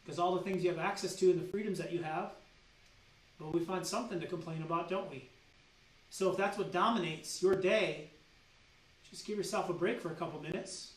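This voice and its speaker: Male doctor leading a lively health seminar, preachy, with teasing rhetorical questions, heard from a distance in an echoey room. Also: high voice, fairly quick. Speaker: doctor giving a health training. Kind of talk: energetic seminar-style health talk. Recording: roomy sound with the mic at a distance.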